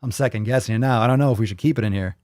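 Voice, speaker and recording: A man hosting a casual livestream podcast, rambling and profane as he thinks out loud. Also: fairly low pitch, rapid-fire, no room sound, studio quality. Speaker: podcast host.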